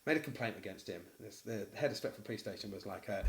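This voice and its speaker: A man with a Mancunian accent, a tattoo studio owner, telling a story in casual podcast chat, blunt and animated, swearing freely. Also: lowish voice, fast talker, few pauses. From Manchester, England.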